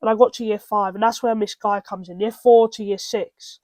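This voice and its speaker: A woman's voice: mid-range voice, steady tone, normal speed, darkish tone, no echo. A young British woman hosting a podcast, telling personal stories in a rambling way, full of restarts and asides. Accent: British English. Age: young adult. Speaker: podcast host. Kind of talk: casual personal storytelling.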